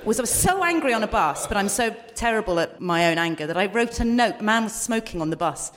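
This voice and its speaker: Animated self-mocking woman comedian. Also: medium pitch, fast. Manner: self-mocking, animated, laughing through anecdotes. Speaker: comedy podcast co-host. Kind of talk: live stand-up storytelling. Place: live venue in front of an audience. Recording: noisy live recording.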